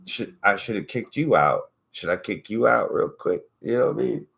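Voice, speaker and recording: A man's voice: lowish voice, big pitch swings, normal speed, gravelly, fairly bright tone. A man hosting his own channel, telling a story in a loose, profane, mocking rant. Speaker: channel host. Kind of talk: casual rant to camera.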